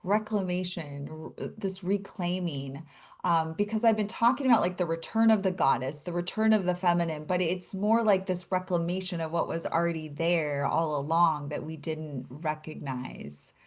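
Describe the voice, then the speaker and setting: A woman's voice: lowish voice, normal speed. A bubbly woman guest, laughing often. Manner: animated, laughs often, gushing. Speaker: guest author. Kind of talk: casual interview chat.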